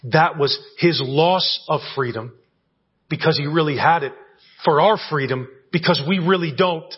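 A man's voice: fairly high pitch, measured pace, husky. A male pastor preaching a conversational sermon in a church, often checking in with the congregation. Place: church sanctuary. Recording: dull lo-fi church audio recording.

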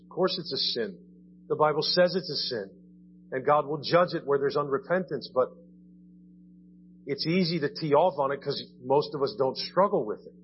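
A man's voice: medium pitch, muffled recording, slight background noise. A man preaching a sermon in a church in a conversational way, often asking "right?" and repeating his words. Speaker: pastor. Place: church sanctuary.

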